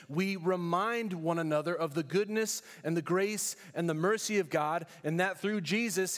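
A male pastor from California preaches a sermon in church, emphatic and full of rhetorical questions and storytelling asides. His voice is high, and a long reverb tail trails after his words.

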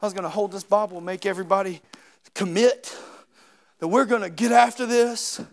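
A man preaching a sermon with passion, dropping to quiet asides and rising to shouted peaks. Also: high-pitched, steady tone, fairly quick, gravelly. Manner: impassioned, swings from quiet to shouting.

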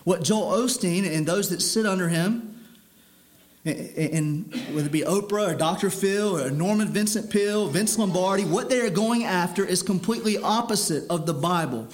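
A man's voice: high-pitched, moderate pace. A man preaching a sermon in an earnest, stern way, often repeating words as he builds his point.

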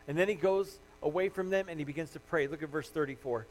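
A man's voice: on the high side, fast, hardly any pauses, rough recording. A man preaching a sermon, earnest and building to impassioned emphasis as he goes. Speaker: pastor.

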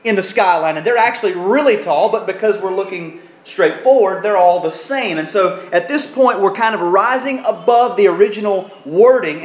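High-voiced man preaching in an echoey hall. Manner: earnest teaching tone, acts out quoted speech. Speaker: pastor. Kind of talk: expository sermon.

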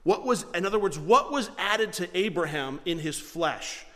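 A man's voice: sits high, expressive, moderate pace, pushed and bright, big-room sound. A man preaching a sermon as pastor, teaching earnestly with rhetorical questions and repeated words.

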